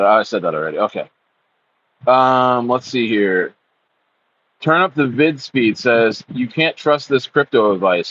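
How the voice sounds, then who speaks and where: A crypto livestream host with a medium-pitched, fairly bright voice chats casually while reading comments, and the audio is dull and lo-fi. He rambles, stammers and restarts, and acts out voices when quoting.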